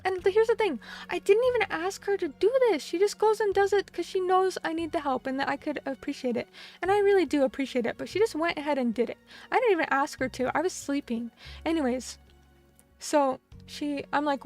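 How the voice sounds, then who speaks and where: A young woman streamer with a high, bright-sounding voice talks casually to her viewers. She gushes her thanks and often stumbles and restarts mid-sentence. Soft music plays faintly underneath. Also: fairly quick. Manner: bubbly, effusive, stumbles over words. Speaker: vtuber streamer. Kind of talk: casual live-stream chat.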